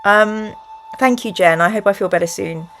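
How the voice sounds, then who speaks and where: Slight background noise accompanies this woman's mid-range, fairly bright voice, delivered at a moderate pace. Hosting a home live stream, she reads an adventure gamebook aloud and drifts into rambling chat along the way.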